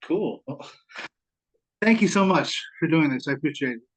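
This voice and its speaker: A man's voice: fairly high pitch, lively intonation, moderate pace, rough recording. A man hosting an interview, chiming in with short, friendly remarks. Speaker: interview show host. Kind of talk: casual interview chat.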